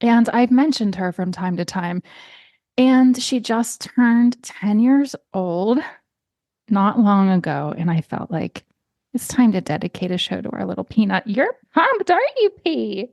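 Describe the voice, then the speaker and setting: An American woman hosts her own podcast from a small room at home, chatting casually on her own. Her warm, chatty voice is a little slow and creaky, and she slips into high baby-talk when addressing her cat. The recording is studio quality with no room sound.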